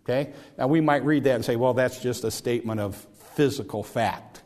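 Man preaching in a chatty, halting way. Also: mid-range voice, a little mellow. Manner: conversational, repeats words and restarts often. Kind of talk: sermon.

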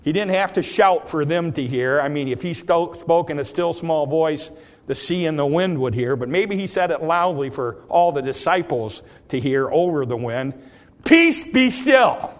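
A man preaching a sermon, telling the story in a folksy way with many fillers and restarts, now and then bursting into loud dramatic quotes. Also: fairly high pitch, normal speed. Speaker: pastor.

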